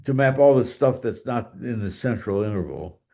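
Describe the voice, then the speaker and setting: A man's voice: medium pitch, animated, normal speed, a little mellow. A man giving a math lecture, thinking aloud with fillers and restarts and drifting away from the mic now and then.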